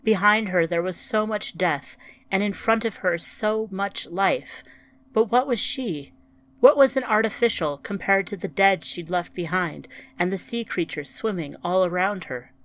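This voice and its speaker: A woman narrating a story in a somber, deliberate way. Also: mid-range voice, a bit bright.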